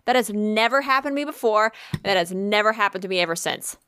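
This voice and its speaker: A young woman casually telling a spooky personal story, animated and swearing freely. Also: medium pitch, fast, clear, resonant tone. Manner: animated, swears a lot, laughs often.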